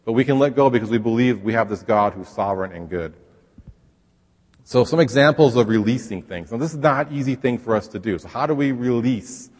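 A man's voice: medium pitch, fairly quick, darkish tone. Conversational male pastor, echoing hall. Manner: conversational, acts out quoted voices. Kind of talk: sermon.

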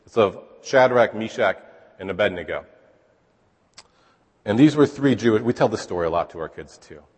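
A man preaching in a relaxed, conversational way, often putting rhetorical questions to his listeners. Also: fairly low pitch, moderate pace, slightly rough. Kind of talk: conversational sermon. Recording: long hall reverb.

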